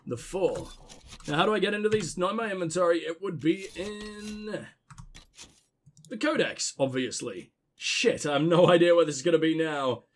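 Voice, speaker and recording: A man talks over a video game in a high, light voice, rambling and swearing as he plays. He mocks himself constantly, then drops into low mock-sultry muttering or jumps into sudden excited yelps. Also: normal speed. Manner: crude, self-mocking, rambling; swings between excited outbursts and low mock-sultry mumbling. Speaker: gaming channel host. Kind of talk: casual let's-play commentary.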